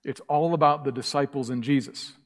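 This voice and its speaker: A man's voice: medium pitch, fairly even intonation, brisk. A man preaching a sermon as pastor, emphatic and impassioned, repeating key phrases. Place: church sanctuary. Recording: church hall reverb.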